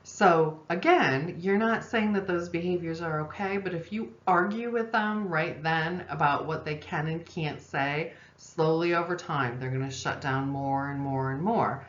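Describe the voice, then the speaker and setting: A woman with a low voice gives a recorded parenting lesson, calm and explanatory. She pauses on fillers and checks in with "okay?" The room is echoey and the sound is dull and lo-fi. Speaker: parenting instructor and social worker.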